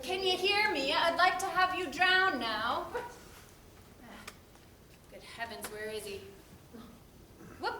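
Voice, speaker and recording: Woman playing a stingy huffy gentleman. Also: very high voice, lively intonation, slow pace, pauses often, heavily acted. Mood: impatient. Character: stingy indignant gentleman customer, male. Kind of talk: amateur stage acting. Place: theater stage. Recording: echoey hall, from far off, noisy.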